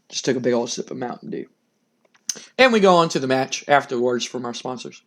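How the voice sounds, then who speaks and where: A man's voice: medium pitch, animated, normal speed, a bit bright, slight background noise. A man casually narrating a wrestling simulation game, rambling, cursing and chuckling as he goes. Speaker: game streamer.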